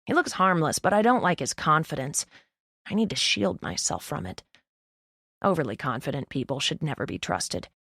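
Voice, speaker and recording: A young woman narrating an audiobook in the first person, with wry, deadpan asides, close to the mic. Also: sits low, moderate pace, dry recording.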